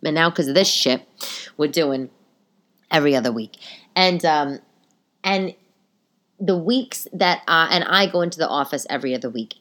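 Woman in her 30s ranting on her podcast at home, fed up, swears a lot, lowish voice. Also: fairly bright tone. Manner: exasperated, venting, swears freely. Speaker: podcast host. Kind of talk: casual solo podcast rant. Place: home living room.

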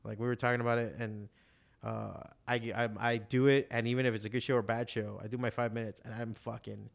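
A man's voice: mid-range voice, level tone, quick pace, creaky. Rambling, profane man in his forties. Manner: profane, rambling storytelling with many fillers. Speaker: stand-up comedian and podcast guest. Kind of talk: casual chat.

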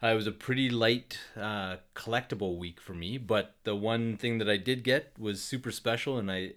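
Lower-voiced earnest man, casual chat. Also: moderate pace, a bit bright. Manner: earnest, enthusiastic collector talk. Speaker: podcast co-host.

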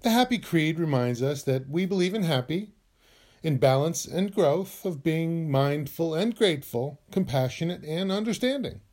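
Male podcast host, slightly high, very animated pitch, playful, acts out each emotion. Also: normal speed. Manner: playful, acts out emotions with mock laughs and sobs. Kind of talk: short scripted podcast monologue.

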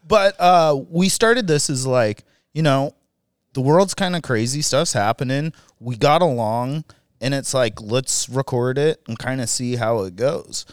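A man's voice: medium pitch, expressive, slow, dry recording. Male podcast co-host, easygoing and rambling, medium voice, dry booth sound. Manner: rambling, laughs often, many fillers. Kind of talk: casual round-table chat.

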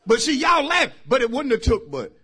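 A male pastor preaching a sermon, shouting out points and laughing along with his congregation. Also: very high-pitched, very animated, normal speed, slightly rough, a faint crowd.

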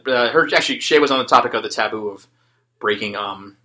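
A man's voice: mid-range voice, sharp tone. A man co-hosting a casual podcast chat, teasing his friends. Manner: teasing, fast-talking. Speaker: podcast co-host.

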